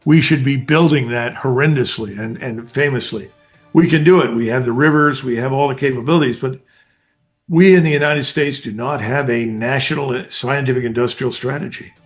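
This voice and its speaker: A man's voice: medium pitch, normal speed, faint music behind. An older man, a retired army colonel, giving blunt, emphatic analysis in an interview, speaking in short declarative bursts.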